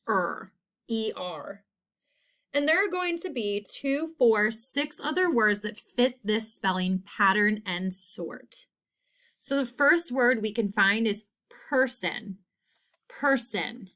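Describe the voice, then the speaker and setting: Slow, deliberate woman teacher. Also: medium pitch, fairly bright tone. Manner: spells sounds out and repeats each word in a model sentence. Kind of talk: slow, deliberate phonics lesson.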